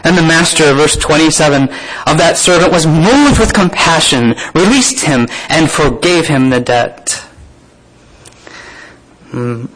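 A man's voice: fairly high pitch, unhurried, poor audio. A man preaching a sermon to a room of listeners, reading scripture aloud and breaking off into plain spoken asides and questions. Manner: reads scripture then comments with asides and soft laughs.

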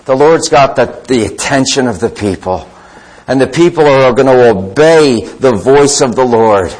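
A man preaching a sermon, telling a Bible story with lively storytelling and reading scripture aloud. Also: mid-range voice, moderate pace, rough recording. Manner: animated storytelling, voices the disciples and Jesus.

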